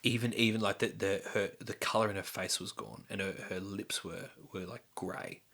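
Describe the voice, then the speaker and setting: A man's voice: fairly low pitch, fairly even intonation, normal speed, fairly bright tone. A young man telling a personal story in a candid, rambling way, full of fillers and restarts. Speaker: podcast host.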